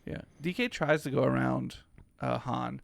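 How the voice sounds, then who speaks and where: A man's voice: mid-range voice, moderate pace, gravelly, dry recording, clean studio sound. A man co-hosting a podcast, chatting easygoingly about a film and agreeing often with his partner. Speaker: podcast co-host. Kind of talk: casual film breakdown chat.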